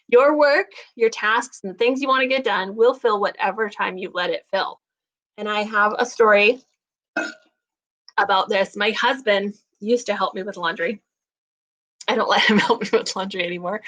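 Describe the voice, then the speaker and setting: A middle-aged woman hosting a casual talk, chatty and expressive, acting out little quoted voices as she goes. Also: a little high, dull audio. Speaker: host.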